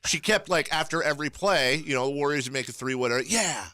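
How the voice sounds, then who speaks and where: A man's voice: fairly high pitch, quick pace, pushed and bright, smooth. A man hosting a sports radio show, joking and laughing with a guest in studio. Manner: joking, laughs often, reads live ad reads. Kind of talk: casual sports talk. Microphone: studio microphone.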